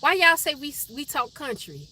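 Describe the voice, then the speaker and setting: A woman's voice: sits high, sing-song, moderate pace, bright, forceful tone, slight background noise. Chatty Chicago woman on a live stream. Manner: chatty, reads viewer names and comments aloud. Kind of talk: casual live-stream chat with viewers.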